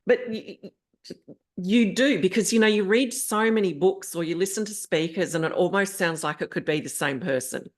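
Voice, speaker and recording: A woman's voice: on the low side, moderate pace. A woman hosting an interview, affirming her guest and asking reflective questions. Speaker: host.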